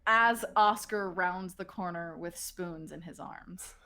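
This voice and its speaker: A woman's voice: on the low side, takes it slowly, pushed and bright, smooth. A woman running a tabletop role-playing game, narrating loosely with frequent restarts and laughter. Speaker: game master.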